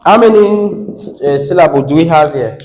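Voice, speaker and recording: A Nigerian man teaching an English class, quizzing students and repeating words slowly. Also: fairly high pitch, animated, a little mellow. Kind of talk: classroom lesson. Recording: echoey classroom.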